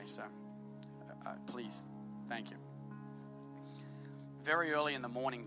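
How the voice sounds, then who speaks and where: A man preaching a sermon to his congregation, swinging between hushed asides and loud, fervent peaks. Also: mid-range voice. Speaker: pastor.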